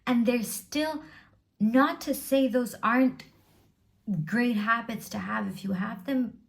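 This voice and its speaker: A woman's voice: a little high, slow pace, creaky. A woman vlogger talking to camera at home in an earnest, emphatic motivational style, building her points through repeated lists. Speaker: self-help vlogger.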